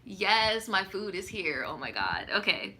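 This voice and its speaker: A woman's voice: mid-range voice, very animated, unhurried, pushed and bright. A young woman hosting a casual live stream, reading viewer stories aloud and reacting to them in slang. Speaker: storytime YouTuber.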